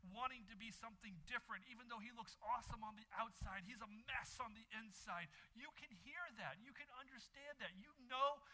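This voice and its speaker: Pastor, male, preaching with emphatic repetition and pauses; sharp, forceful tone. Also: extremely high pitch, rough recording. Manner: emphatic preaching with repeated phrases and dramatic pauses. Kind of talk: sermon.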